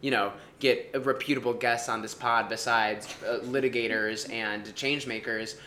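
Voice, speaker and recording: Playful, rambling man podcast co-host, bright tone, echoey apartment room. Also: medium pitch, steady tone, normal speed, slight background noise. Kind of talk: casual chat.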